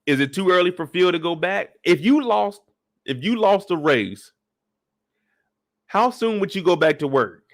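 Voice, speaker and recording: A man's voice: high voice, very animated, unhurried. Laid-back man recapping a show. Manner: laid-back slangy talk, laughs easily. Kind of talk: casual episode recap commentary.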